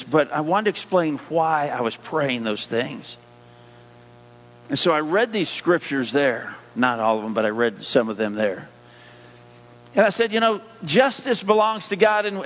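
A male pastor delivering a sermon, rising in emphasis as he reads scripture. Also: on the high side. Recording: dull hum-laden audio with long hall reverb.

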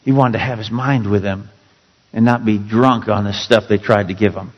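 A male pastor preaching a sermon with dramatic, emphatic storytelling that drops suddenly to quiet. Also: lowish voice, fairly even intonation, normal speed, long reverb tail, lo-fi sound.

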